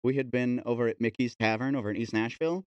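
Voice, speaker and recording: A man's voice: medium pitch, quick pace, a little mellow, smooth, dry recording, highs cut off. A man co-hosting a podcast, telling a story in casual chat and acting out the quotes. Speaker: podcast co-host.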